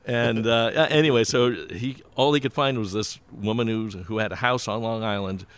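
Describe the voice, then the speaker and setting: A man's voice: medium pitch, fairly even intonation, moderate pace, fairly bright tone, clear, resonant tone. A man, a music producer, telling rambling anecdotes in a casual chat, often breaking into laughter. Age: older.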